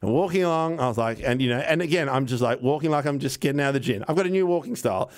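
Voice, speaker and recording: Man, thirties, podcast co-host, casual rambling storyteller, mid-pitched voice, acts out quotes. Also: racing. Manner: animated, rambling anecdote with acted-out quotes and swearing.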